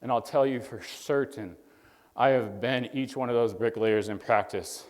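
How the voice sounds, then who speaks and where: Man, motivational stage talk, earnest preacher-like storytelling, medium pitch, big echoing hall. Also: moderate pace, a little mellow. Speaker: chiropractor speaking to young doctors.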